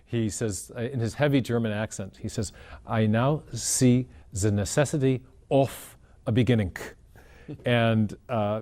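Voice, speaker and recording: A man's voice: mid-range voice, darkish tone. A man answering in an interview, explaining and telling a story earnestly, often repeating words as he thinks. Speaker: guest explaining science.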